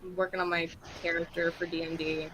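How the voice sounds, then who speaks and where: A woman chatting casually on a stream, soft-spoken, giggly and apologetic. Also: fairly low pitch, flat delivery, a little fast, noisy background. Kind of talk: casual chat.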